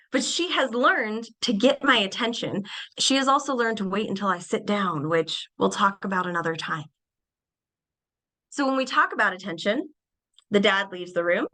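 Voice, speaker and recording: A young adult woman presenting a webinar lecture on behavior, animated and acting out little everyday scenes in changed voices. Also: mid-range voice, rough recording.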